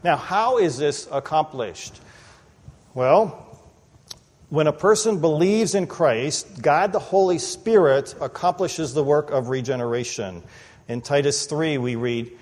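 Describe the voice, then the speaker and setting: A man preaching an expository sermon in a church, animated and conversational, often acting out the people he quotes. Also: on the high side, a little slow. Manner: animated, acts out quoted voices, conversational asides. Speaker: pastor. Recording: long reverb of a large hall.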